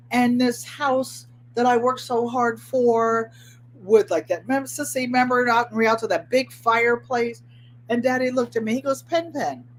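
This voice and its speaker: A woman's voice: a little high, slight background noise. A woman hosting a casual craft livestream from home, chatting and giving motivational advice straight to her viewers, often repeating phrases for emphasis. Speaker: host of a craft channel. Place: at home, indoors.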